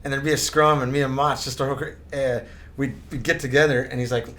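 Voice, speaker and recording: A man's voice: mid-range voice, fairly even intonation, quick pace, a crowd in the background. A middle-aged man, a former hockey player, trading funny stories in a casual chat and laughing often. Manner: chatty, laughs a lot, quotes people.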